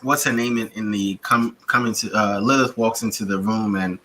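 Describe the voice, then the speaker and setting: A man co-hosting a casual review chat, retelling scenes in a lively way and jumping into high-pitched bursts when he acts out characters. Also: moderate pace, a crowd in the background, low-quality recording. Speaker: podcast co-host reviewing a TV series.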